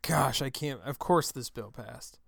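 A man hosting his own talk show, delivering an angry, profane political rant into a close microphone, with shouted outbursts. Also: mid-range voice, a little slow, creaky, no room sound. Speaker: show host. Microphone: close studio mic.

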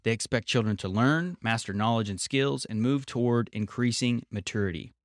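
A man's voice: medium pitch, normal speed, no echo. Earnest man reading and explaining, dry sound. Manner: earnest, explanatory, restates key points. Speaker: podcast host. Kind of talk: reading a book aloud with commentary.

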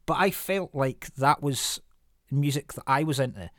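A man hosting a casual podcast chat, telling rambling, animated stories with plenty of swearing and restarts. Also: mid-range voice, a little slow, dry recording, clean studio sound. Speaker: podcast host.

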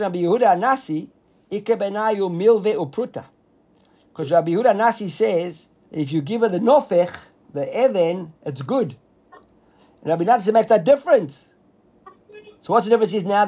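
Talmud teacher, male, high husky voice, brisk explainer who checks in with his class. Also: a little mellow. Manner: explains quickly, reads the text aloud and translates it, asks students if they follow.

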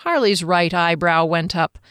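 A woman narrating a fantasy storybook in a measured, even manner. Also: lowish voice, clear, resonant tone, no echo, studio quality. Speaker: audiobook narrator.

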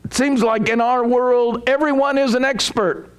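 A man preaching a sermon as a pastor, animated and acting out quoted asides. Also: very high voice, normal speed, clear, resonant tone.

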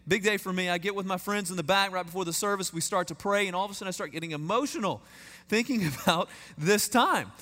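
Guest preacher, Texan man in his 30s, high-pitched voice, folksy storyteller, echoing church hall. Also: fast, bright, forceful tone. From East Texas. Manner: folksy, self-deprecating humor, addresses the congregation directly. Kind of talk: storytelling sermon. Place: large church sanctuary. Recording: echoey church hall reverb.

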